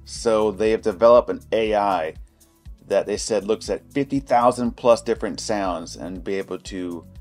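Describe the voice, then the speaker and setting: A man's voice: fairly low pitch, normal speed, a little mellow, faint music behind. A man hosting a casual product review, talking in a chatty, anecdotal, informal way.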